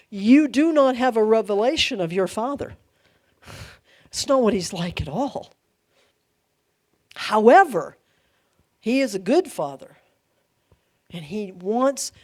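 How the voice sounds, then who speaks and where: Woman, middle-aged, pastor, Bible study teaching, animated, laughs often, acts out quotes. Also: a little high.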